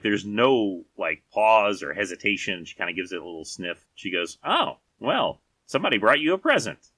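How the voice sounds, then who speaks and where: A man with a very low voice and a bright, forceful edge runs a tabletop game as game master. He paints each scene in unhurried, vivid detail, and the recording is dry and close. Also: no echo.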